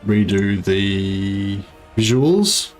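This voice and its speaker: A man's voice: lowish voice, drawn-out words, faint music behind. A man streaming a game live, chatting casually and rambling, with many fillers as he reads his chat aloud.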